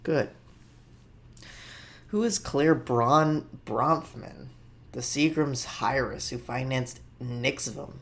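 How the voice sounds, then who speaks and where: A man's voice: medium pitch, slow, vocal fry, pauses often, fairly bright tone. A man hosting a podcast who reads news headlines and riffs on them with jokey, rambling asides. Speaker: podcast host. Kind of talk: casual comedic news commentary.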